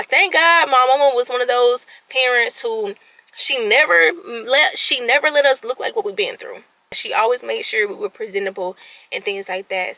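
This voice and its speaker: Young woman venting, bright tone. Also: fairly high pitch, no room sound, low-quality recording. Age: 20s. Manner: candid, expressive, swings between soft and loud. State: voice cracking, close to tears. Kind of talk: emotional personal venting.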